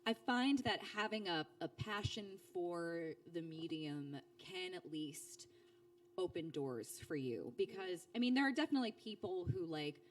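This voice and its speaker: A little slow and picked up by a distant mic, a woman in her thirties, a guest who works as a voice actor, tells stories in a casual interview. She's animated and chatty, often restarting and using fillers, and acts out quoted speech with big jumps in pitch.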